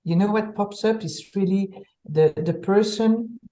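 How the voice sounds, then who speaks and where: A woman from Belgium, an executive coach telling stories in a conversational interview, animated and restarting her words often. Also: medium pitch, unhurried, poor audio.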